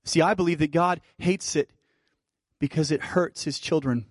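A male pastor preaching a sermon, shifting between fervent emphasis and soft, intimate asides. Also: fairly high pitch, steady tone, moderate pace, dry recording, clean studio sound. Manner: preaching with rising fervor, then dropping to soft intimate tones.

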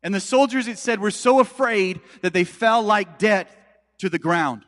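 A man's voice: high-pitched, normal speed, a bit bright, long reverb tail. A man preaching a sermon as pastor, telling a story in a chatty way with asides to the congregation.

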